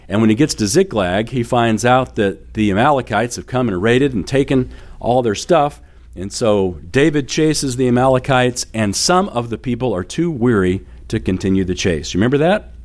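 A man's voice: medium pitch, animated, moderate pace. A middle-aged man preaching a sermon as pastor, telling stories in a conversational way with fillers and light laughter.

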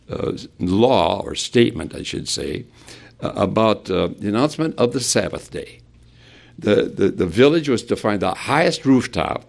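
A man's voice: fairly low pitch, vocal fry, darkish tone. A man preaching an expository sermon, asking his listeners rhetorical questions as he works through a Bible passage.

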